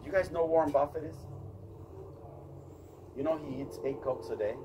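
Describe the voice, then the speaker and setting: A man's voice: a little high, moderate pace. Man giving a pushy motivational faith talk, far from the mic, noisy room. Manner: emphatic, repetitive, questions the audience. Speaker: motivational speaker.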